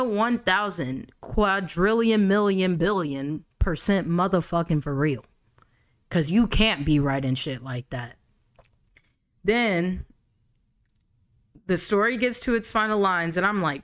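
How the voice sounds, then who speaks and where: A woman's voice: lowish voice, animated, slow pace, pauses often. A young woman hosting a podcast, reading a book aloud and mocking it with profane, exasperated, sarcastic commentary. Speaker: podcast host.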